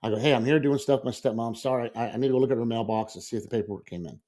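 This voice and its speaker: Here a middle-aged podcast co-host races through a rambling story, his mid-range voice dark in tone. The chat is casual, and he keeps repeating words while acting out what people said.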